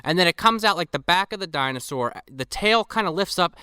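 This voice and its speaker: A man's voice: high-pitched, lively intonation, a little fast, pushed and bright, clean tone, no room sound, clean studio sound. A man co-hosting a casual podcast, describing movie scenes in detail with frequent swearing. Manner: profane, descriptive storyteller. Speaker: podcast co-host. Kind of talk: casual movie-riff chat.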